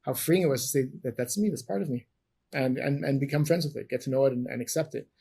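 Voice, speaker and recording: A former champion wrestler, middle-aged and from Canada, gives storytelling interview answers that run long with many restarts and self-corrections. He talks fast, his medium-pitched voice gravelly, dark and slightly rough.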